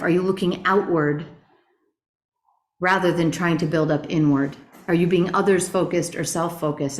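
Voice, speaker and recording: Earnest woman teaching a Bible class. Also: mid-range voice. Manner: earnest, animated storytelling with rhetorical questions. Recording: roomy echo.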